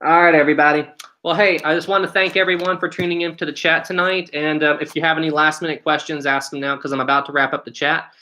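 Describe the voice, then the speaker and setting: West Virginian man, 20s, live-stream host, bright tone, friendly and repetitive. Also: fairly high pitch, flat delivery, quick pace. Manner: friendly, repeats "really, really". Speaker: channel host.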